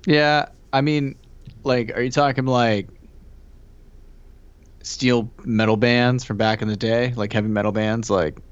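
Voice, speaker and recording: A man's voice: mid-range voice, fairly even intonation, measured pace, long pauses, clean tone, dry recording. A man co-hosting a casual chat, laid-back and rambling, chuckling at his own remarks. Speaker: podcast co-host. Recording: slightly dull lo-fi sound.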